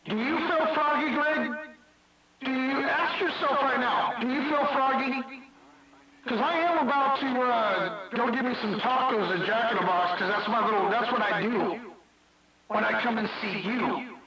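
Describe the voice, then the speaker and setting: High-voiced guy trash talking on cb radio, sounds far off and super echoey, lots of hiss. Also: normal speed, lo-fi sound, a loud crowd. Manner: mocking, taunting, repeats himself. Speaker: CB radio operator. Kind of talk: taunting radio banter.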